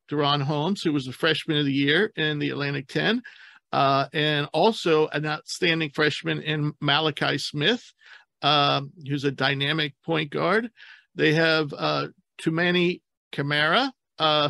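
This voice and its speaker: A man hosts a casual basketball podcast with a bright, gravelly edge in a dry, close recording. He rambles and corrects himself as he goes. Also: fairly high pitch, no echo. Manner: rambling, self-correcting, laughs easily. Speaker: podcast host. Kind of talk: casual sports podcast chat.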